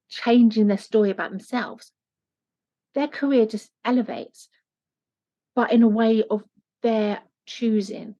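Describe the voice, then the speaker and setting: A woman life coach talking earnestly in an interview, turning animated when she acts out what people say. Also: on the high side. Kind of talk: conversational interview. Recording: dull lo-fi sound.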